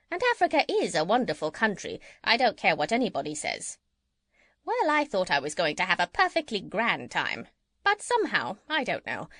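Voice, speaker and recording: A woman's voice: mid-range voice, no echo, exaggerated voice. A woman reading an audiobook and voicing a chatty, gossipy female parrot. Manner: lively, chattering storytelling. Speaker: audiobook reader. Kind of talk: children's audiobook character reading.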